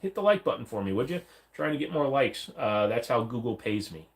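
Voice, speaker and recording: A man's voice: medium pitch, big pitch swings, a little fast. A man hosting a casual livestream, chatting bluntly and profanely while reading viewer comments aloud. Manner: blunt, profane and rambling, mock-voices chat messages. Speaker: livestream host.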